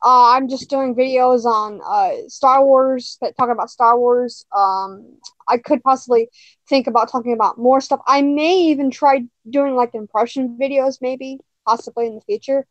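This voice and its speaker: Woman, high pitch, hesitant with ums, dry sound, casual chat. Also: moderate pace, no echo, highs cut off. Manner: shy, hesitant, many ums. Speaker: panel guest. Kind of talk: casual online panel chat.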